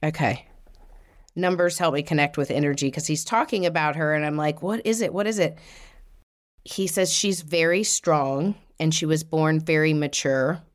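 Lady medium doing a reading, low-ish voice, jumps way up when she acts out what the spirit says. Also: normal speed. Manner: animated, voices the spirit's words with sudden high jumps. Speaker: psychic medium.

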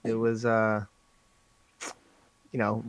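A man's voice: fairly low pitch, monotone, extremely slow, no echo. A man co-hosting a podcast in easygoing casual chat, asking follow-up questions. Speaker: podcast co-host.

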